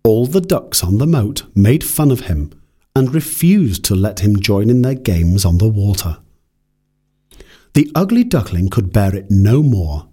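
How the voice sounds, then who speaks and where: A man reads a classic fairy tale in a husky voice, slow and measured. His tone lifts and falls expressively as he carries the story along. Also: fairly low pitch, very animated, warm tone. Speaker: narrator.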